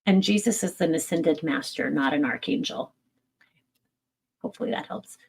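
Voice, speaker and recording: A woman's voice: low-pitched, normal speed, vocal fry, husky, low-quality recording. A middle-aged woman, a medium, answering viewer questions in a candid, casual live-stream chat, swearing freely and laughing at herself.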